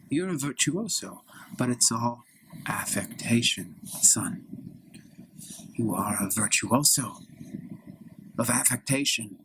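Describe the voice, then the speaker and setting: A man voicing a stern, moralizing middle-aged father who lectures in a hushed, often whispery voice, in a solo improvised comedy scene. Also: mid-range voice, background noise.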